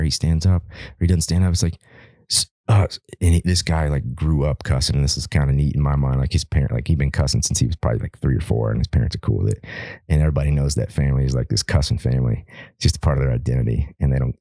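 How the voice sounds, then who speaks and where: Very deep-voiced man telling a rambling story. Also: steady tone, fast, dark tone, dry recording, studio quality. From Alaska. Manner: rambling, profane, repeats words and restarts often. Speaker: podcast guest, wildland firefighter. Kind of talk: casual podcast storytelling.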